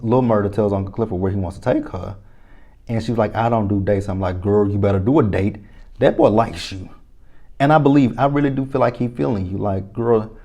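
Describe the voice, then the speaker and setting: A man recapping a TV episode in a casual, profane, animated way, reacting aloud to each scene. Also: fairly low pitch, vocal fry. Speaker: TV episode reviewer.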